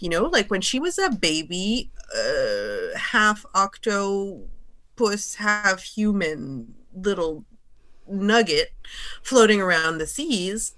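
A woman in casual conversation, talking in an animated, chatty way with lots of fillers. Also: mid-range voice, takes it slowly. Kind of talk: casual chat.

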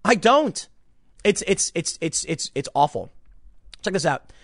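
Guy ranting on his channel, voice jumping all over, kinda high, super dry close sound. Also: measured pace, no echo. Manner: animated, emphatic, ranting with repeated restarts. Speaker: commentator. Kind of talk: casual online commentary.

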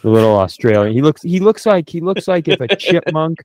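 A man's voice: on the high side, sing-song, fairly quick, a little mellow, no room sound. A man on a podcast doing improvised comedy banter, profane and full of mock threats. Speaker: podcast co-host.

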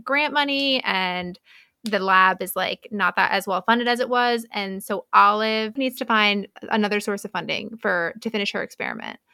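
A woman's voice: mid-range voice, creaky, pushed and bright, clear, resonant tone, no echo, studio quality. A young woman co-hosting a podcast, recapping a novel in casual chat, laughing often and acting out characters' lines. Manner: laughing, acts out characters' lines in quick voices. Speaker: podcast co-host.

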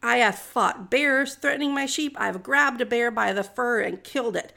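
A woman's voice: a little high, moderate pace, gravelly, pushed and bright. A woman voicing a bold young shepherd boy who boasts defiantly in a storytelling retelling.

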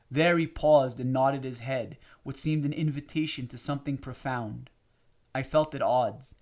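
A man narrating a memoir audiobook in a measured, steady reading. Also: medium pitch.

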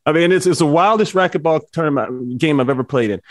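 Man, fairly high voice, animated storyteller, casual chat, dry sound. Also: fast talker, dry recording. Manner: animated storyteller, voices his characters, laughs often. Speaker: podcast co-host, former football player.

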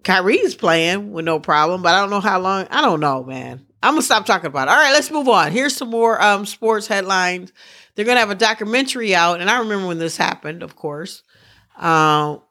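A woman's voice: mid-range voice, expressive, brisk, sharp tone. A woman hosting a podcast, rambling through sports news in casual chat and often restarting her sentences. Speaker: podcast host.

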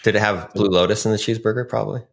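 A man's voice: on the low side, fairly even intonation, rapid-fire, gravelly. A man chiming in with joking side remarks during a casual chat.

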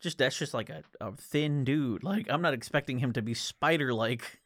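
A man chatting casually about a book, retelling scenes with lively quoted dialogue. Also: medium pitch, normal speed, no echo, clean studio sound. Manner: animated retelling, quoting characters. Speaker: podcast co-host discussing a book. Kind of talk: casual chat.

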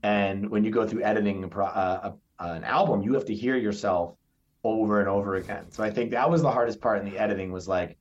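A man's voice: lowish voice, quick pace. A man, a stand-up comedian, chatting on a podcast and telling stories with acted-out quotes. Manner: animated storyteller, acts out quotes. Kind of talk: casual interview chat. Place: New York area.

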